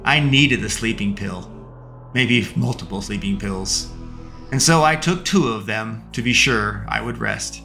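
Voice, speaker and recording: Bright-voiced male fiction narrator. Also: lowish voice, vocal fry. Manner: slow, measured, with long pauses. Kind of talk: first-person audio fiction narration. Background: faint music.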